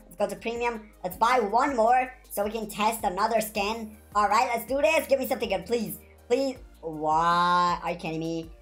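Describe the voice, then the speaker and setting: A woman giving excited commentary on her video game play, shrieking whenever she wins or loses. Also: medium pitch. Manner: excitable, shrieks when winning or losing. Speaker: gaming YouTuber.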